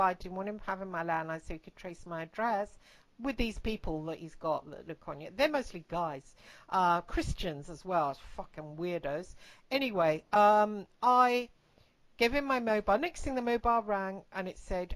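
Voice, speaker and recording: A woman podcast host talks through a personal story in loose, conversational fashion. She is blunt and swears freely, wanders into asides, and lowers into a hushed, intense delivery for the unsettling moments. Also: moderate pace, poor audio.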